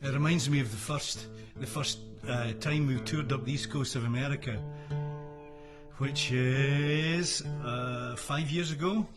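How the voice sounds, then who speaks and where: Chuckling Scottish man, slow talk. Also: mid-range voice, steady tone, over music. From Scotland. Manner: rambling, chuckling often, trails off with ums. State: hay fever. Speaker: singer and musician hosting a livestream. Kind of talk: casual chat between songs. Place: at home in Florida.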